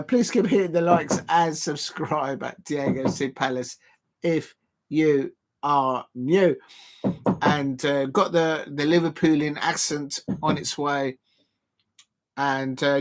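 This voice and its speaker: A man hosting a live football watch-along with a slightly higher voice. He rambles casually to his viewers, often trailing off into ums and restarting his sentences. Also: a little hiss or hum. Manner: rambling, full of fillers and restarts, talking to chat viewers.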